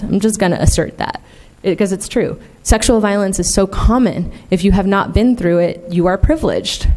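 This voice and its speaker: A woman's voice: mid-range voice, darkish tone. A woman speaking candidly and emphatically as a conference plenary speaker, peppering her talk with "like" and "right?". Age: adult, in the field twenty years. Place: conference hall.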